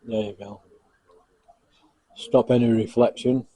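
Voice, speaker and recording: A man's voice: mid-range voice, level tone, slow pace, dark tone. A man chatting casually in a home cooking vlog, self-mocking and chuckling as he tries his food. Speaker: cooking vlogger.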